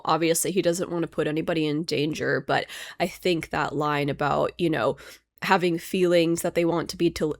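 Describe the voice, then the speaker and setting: Woman host, casual reaction chat, teary and soft-spoken, lowish voice. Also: dry recording, clean studio sound. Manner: tearful and emotional, sighing, then thoughtful. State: crying.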